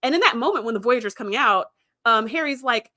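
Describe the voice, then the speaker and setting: A woman's voice: on the high side, lively intonation, fast talker, pushed and bright. A woman host recapping episodes in a chatty way, with fillers and quoted lines acted out. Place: streaming setup.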